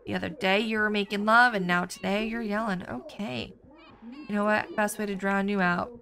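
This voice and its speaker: Woman host, casual game commentary, chatty and jokey, bright voice. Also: mid-range voice, fairly even intonation, moderate pace, vocal fry. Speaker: gaming channel host. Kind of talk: casual let's play commentary.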